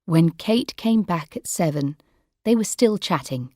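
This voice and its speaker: A woman reads a story for language learners slowly and deliberately, with a lively, expressive pitch. Her voice is close to the microphone in a dry room. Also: no room sound. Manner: slow, clear, measured. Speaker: narrator. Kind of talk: scripted storybook narration for learners.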